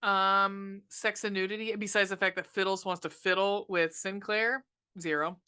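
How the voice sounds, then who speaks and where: A woman's voice: mid-range voice, fairly even intonation, normal speed, pushed and bright, clean tone. A woman co-hosting a horror movie podcast, ranting casually with lots of swearing and ums. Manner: profane, ranting, frequent ums. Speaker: podcast co-host reviewing horror films. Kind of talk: casual movie review chat.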